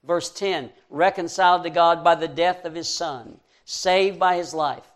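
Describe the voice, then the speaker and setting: A man's voice: fairly high pitch, steady tone, measured pace. A man preaching a sermon, reading scripture verse by verse and rising to fervent emphasis.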